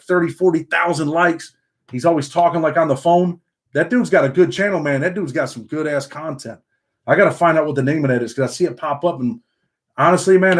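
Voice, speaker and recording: A man from upstate New York with a Southern country twang, hosting a casual livestream, reading the chat aloud and tacking "man" onto the end of his sentences. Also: fairly high pitch.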